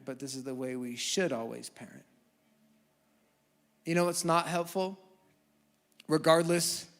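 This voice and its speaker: A man in his thirties preaching a sermon with humor, moving from hushed asides to loud, fervent passages. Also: fairly high pitch. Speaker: pastor. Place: church auditorium. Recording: long church hall reverb.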